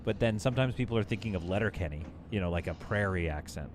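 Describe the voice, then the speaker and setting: A man's voice: sits low, animated, quick pace, hardly any pauses, a little hiss or hum. Playful Canadian man streaming a game. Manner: playful, chatty, reads and answers chat. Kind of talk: casual live gameplay commentary.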